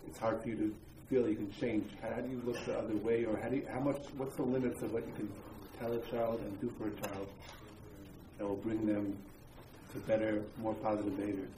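Man in audience, hesitant question, low monotone voice, distant mic, noisy hall. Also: fairly quick. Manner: hesitant, searching for words. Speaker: audience member asking a question.

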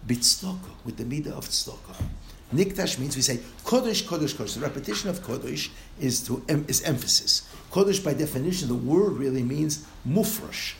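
Man, Torah lecture, gravelly voice, fairly high pitch, echoey room. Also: normal speed. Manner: animated, rising to exclamations and trailing into soft asides, laughing at times. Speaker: rabbi giving a Torah lecture. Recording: echoey room with faint noise.

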